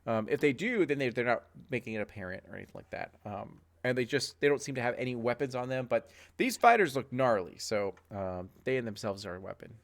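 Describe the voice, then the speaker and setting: A man's voice: mid-range voice, fairly quick, few pauses. Brief: man narrating a tabletop game as game master, rambling, full of fillers.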